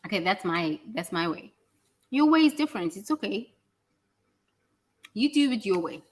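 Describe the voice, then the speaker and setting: A woman's voice: mid-range voice, sing-song, normal speed. A woman teaching in a casual, motivational way, talking bluntly and animatedly, swearing freely and acting out what other people say.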